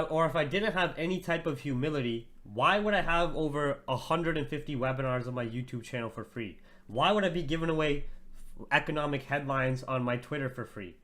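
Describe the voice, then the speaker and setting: A man's voice: on the high side, fairly bright tone. A young man hosting a trading livestream, talking to his chat in a brash, profane, mocking way and laughing often.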